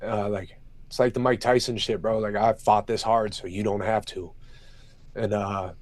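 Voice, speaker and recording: With a fairly low, steady, darkish voice at a moderate pace and no echo, this young MMA fighter gives a candid, emotional interview. He curses heavily and tells stories in sprawling run-on answers.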